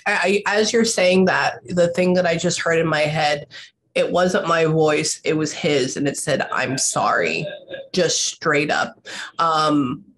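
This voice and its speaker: A woman with a lowish voice leads a reading as a psychic medium. She relays what spirits say in their own quoted words and gets emotional as she goes. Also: slow pace, slight background noise.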